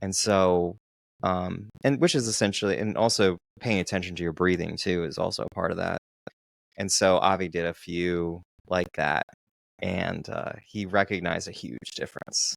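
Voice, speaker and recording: Deep gravelly man chatting on a podcast. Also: fairly even intonation, dry recording, clean studio sound. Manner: slow, deliberate storytelling with restarts. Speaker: podcast co-host, dating coach. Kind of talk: casual podcast chat.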